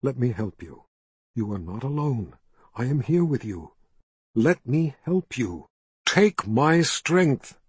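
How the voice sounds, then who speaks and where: A man voicing a desperate young man who tries to reach a frightened friend, pleading with urgency and steady reassurance in an audiobook reading. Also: fairly high pitch, slow pace, breathy edge, dry recording, heavily acted. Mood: calm, soothing. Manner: urgent shouting, then calm and reassuring.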